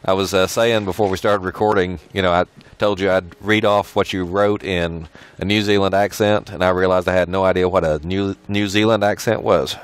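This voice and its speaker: Deep-voiced easygoing man host. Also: steady tone, fairly quick, few pauses, clear, resonant tone. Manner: easygoing, asks questions, chuckles. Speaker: video host. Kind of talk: casual game tour chat.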